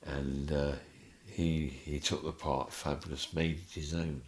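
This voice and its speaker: Deep-voiced, chuckling male storyteller. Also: little pitch movement, unhurried, a little mellow. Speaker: guest. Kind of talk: anecdotal storytelling in a podcast interview.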